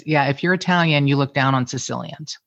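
Gravelly and very deep, a middle-aged woman's voice moves a little fast as she talks as a guest in a casual conversation. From the Cincinnati area of Ohio, she's candid, animated and curses freely. There's no echo, and the highs are cut off.

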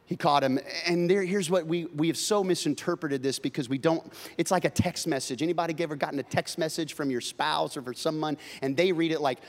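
A man with a high voice preaches a sermon from the pulpit. He swings from loud, excited bursts to hushed, earnest passages. His voice rings out with the long reverb of a large church hall. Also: moderate pace. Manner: shifts between loud excited preaching and quiet earnest tones. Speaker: pastor. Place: church sanctuary.

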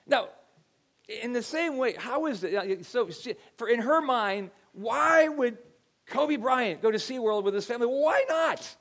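A man's voice: extremely high pitch, lively intonation, measured pace, a bit bright. A middle-aged man preaching a sermon as pastor, telling stories in a conversational way, often repeating his words.

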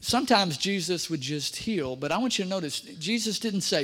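A man's voice: high-pitched, lively intonation, moderate pace, few pauses, a bit bright. A man preaching a sermon as pastor, emphatic, repeating key phrases and speaking straight to the congregation.

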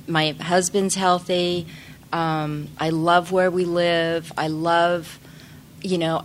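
A middle-aged woman with a slightly low voice shares her recovery story in a casual testimony. She talks chattily and pokes fun at herself, with plenty of fillers and restarts. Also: a bit bright, slight background noise. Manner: chatty, self-deprecating, frequent fillers and restarts. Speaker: speaker sharing recovery story.

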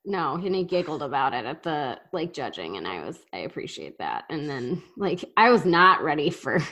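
Animated woman chatting casually. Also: deep voice, moderate pace. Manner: animated, laughing, playful asides. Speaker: podcast co-host. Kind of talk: casual chat.

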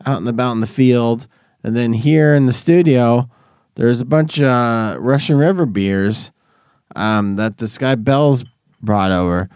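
A man's voice: medium pitch, measured pace, darkish tone, clean tone, no room sound. A man hosting a podcast from a garage studio, rambling and laughing through tipsy banter. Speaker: podcast host. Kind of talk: casual chat.

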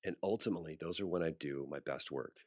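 Male voice actor, deep and dry-miked, a relaxed interview guest who brings his anecdotes to life. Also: quick pace, no echo. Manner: animated storyteller acting out quoted voices. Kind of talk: casual interview storytelling.

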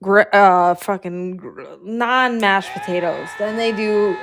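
A woman's voice: mid-range voice, takes it slowly, background noise. A woman hosting a casual chat, rambling with lots of "like" and casual swearing. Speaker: host.

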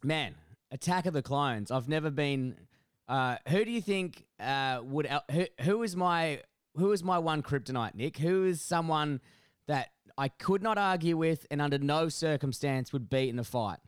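A man's voice: fairly high pitch, normal speed, clean tone, no echo, clean studio sound. A man co-hosting a casual podcast, telling stories with lots of swearing. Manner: animated storyteller, swears freely. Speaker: podcast co-host.

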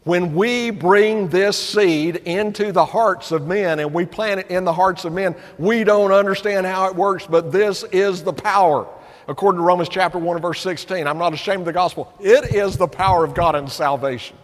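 A man with an East Tennessee accent preaches an encouraging sermon, his fairly high voice rushing through some phrases and slowing to lean on others. A long hall reverb trails each line through the sanctuary. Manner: earnest and encouraging, with quick bursts and slow emphatic phrases. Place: church sanctuary.

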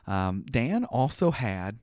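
A man's voice: medium pitch, very animated, slow pace, darkish tone, no room sound, studio quality. A man in his thirties from Minnesota hosting a podcast, chatty and playful with easy laughs. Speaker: podcast host. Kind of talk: casual chat.

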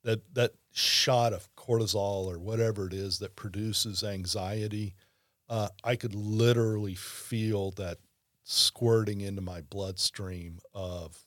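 Low-voiced man telling rambling stories. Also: takes it slowly, dry recording, clean studio sound. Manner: rambling storyteller, lively asides. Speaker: podcast host. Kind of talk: casual chat.

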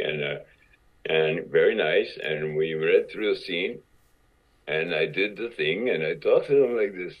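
A man with a very low, husky voice tells stories at a slow, halting pace, repeating himself and acting out what others said. The recording sounds dull and lo-fi. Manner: halting, repeats words, acts out quotes. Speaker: actor guest. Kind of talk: casual storytelling interview. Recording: dull lo-fi audio.

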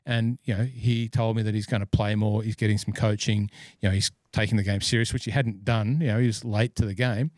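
A man's voice: lowish voice, fairly even intonation, brisk, hardly any pauses, a little mellow, dry recording. A man hosting a podcast, telling long rambling stories with many fillers. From Scotland. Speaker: podcast host and golf club fitter. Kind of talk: casual podcast chat.

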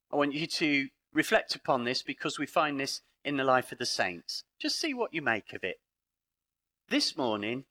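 Speaking live at a conference in a parish hall, a middle-aged British man with a medium-pitched, sharp-toned voice keeps things lively. He recounts stories with dry humour and voices the dialogue himself.

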